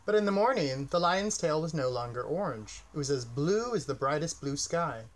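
A man reading a children's picture book aloud in a gentle, expressive storytelling manner. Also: fairly high pitch, normal speed.

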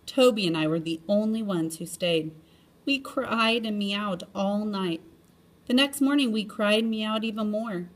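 A woman reading a children's chapter book aloud in an expressive storytelling manner, often lifting her pitch. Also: a little slow.

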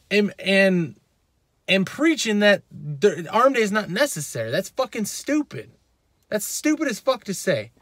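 Fitness vlogger man on a profane rant, high voice swinging wide, dry close sound. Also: big pitch swings, unhurried, fairly bright tone, dry recording. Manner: profane, heated, repetitive. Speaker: fitness channel host. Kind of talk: ranting vlog callout.

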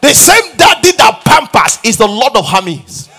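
A middle-aged man preaching a fiery sermon, shouting commands and muttering mocking quotes in a raspy voice. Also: big pitch swings, moderate pace, faint music behind. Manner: shouting, acts out mocking quotes in low mumbles. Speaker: pastor. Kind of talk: energetic sermon.

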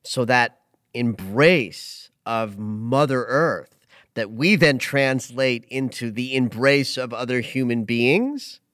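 A man hosting a casual astrology chat, emotional and animated, often restarting his sentences. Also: medium pitch, slow, dry recording, studio quality. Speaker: astrologer host.

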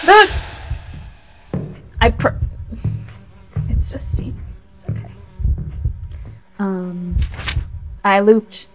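A woman's voice: medium pitch, sing-song, very slow, long pauses, fairly bright tone, soft background music. A woman playing a horror video game, nervously talking to herself and to the creatures on screen. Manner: jumpy, nervous chatter, talks to the game. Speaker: gamer. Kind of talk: horror game let's play commentary.

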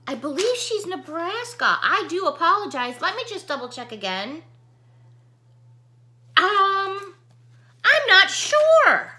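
A woman's voice: high voice, pushed and bright. A middle-aged woman vlogger chatting casually to camera, gushing and emotional with chatty asides. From United States.

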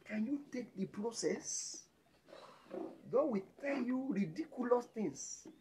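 A man with a Nigerian accent preaching a sermon as pastor, jumping between loud exclamations and hushed lines. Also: extremely high pitch, expressive, takes it slowly, noisy background.

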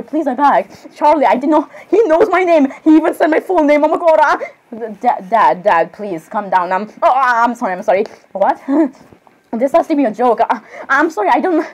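A young woman chatting in character as a cosplayer, rambling and apologizing often between giggles. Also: a little high. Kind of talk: in-character cosplay role-play chat.

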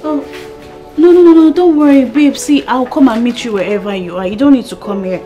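A woman's voice: medium pitch, normal speed, darkish tone, dull audio, soft background music, lightly acted. Woman playing a soothing Nigerian tenant. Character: young woman tenant calming a lover.

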